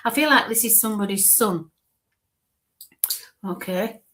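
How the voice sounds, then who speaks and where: A woman giving a live mediumship reading. She speaks haltingly and repeats herself, stretches names out slowly and sometimes murmurs asides under her breath. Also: medium pitch, fairly bright tone. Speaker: spiritualist medium.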